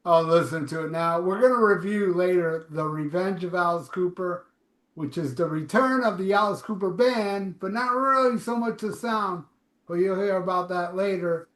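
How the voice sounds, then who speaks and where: Rambling podcast host, man, high bright voice, echoey room. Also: fairly even intonation, moderate pace. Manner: rambling, profane, jokey. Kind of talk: casual podcast banter.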